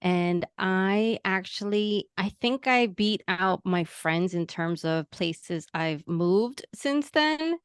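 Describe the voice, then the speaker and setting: A middle-aged woman from Queens with a New York accent carrying a mild Latina lilt, talking as an interview guest. She is bubbly and effusive, and her voice is smooth and resonant. The sound is close and dry. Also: medium pitch, lively intonation, slow, few pauses, no echo. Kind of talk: casual interview.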